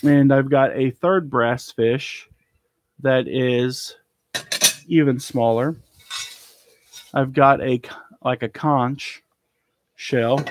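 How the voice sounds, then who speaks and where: A man's voice: medium pitch, slight background noise. A man chatting casually as an online reseller, rambling through his haul and trailing off with ums. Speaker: eBay reseller showing a haul. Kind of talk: casual live haul chat. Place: cluttered storage room indoors.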